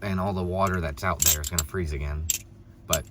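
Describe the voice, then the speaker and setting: A man's voice: sits low, steady tone, brisk. A young man telling a casual story while driving, rambling, with many restarts and an exasperated tone. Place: in a car. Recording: noisy background.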